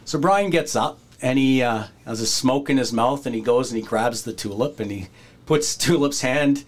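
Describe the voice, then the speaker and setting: Animated storytelling man. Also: medium pitch, moderate pace. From Canada. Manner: animated, acts out quoted voices, breaks into laughter. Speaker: podcast host telling a wrestling story. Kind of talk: casual storytelling.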